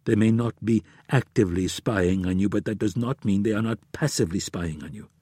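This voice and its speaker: Man doing a grave cautious plotter, low voice, husky, measured, audiobook. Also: dark tone, no echo, clean studio sound. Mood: serious. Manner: measured, earnest.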